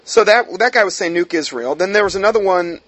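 A man's voice: high-pitched, fairly even intonation, fast, a bit bright, no room sound. A man reading a news article aloud and breaking off into heated, sarcastic commentary, with many fillers. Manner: reads aloud then breaks off into heated asides; frequent fillers and restarts, sarcastic mockery.

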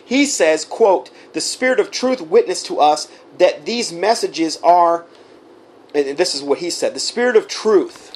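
A man's voice: a little high, measured pace. A man preaching fiery commentary, reading a letter aloud and then rebutting it with indignation. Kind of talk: sermon-style commentary read from a recording.

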